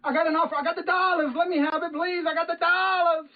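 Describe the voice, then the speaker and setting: Someone playing a high sing-song pitchman, repetitive chanting patter, tinny phone-like clip. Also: fairly even intonation, quick pace. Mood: hawking. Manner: chants and repeats short phrases.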